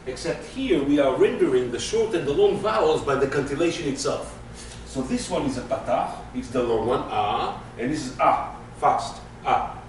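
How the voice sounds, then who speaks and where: This male Hebrew teacher has a mid-range, slightly mellow voice with lively intonation, talking at a normal speed with hardly any pauses. During the classroom lesson he patiently explains things through everyday examples, recorded at a distance in an echoey room with faint background noise.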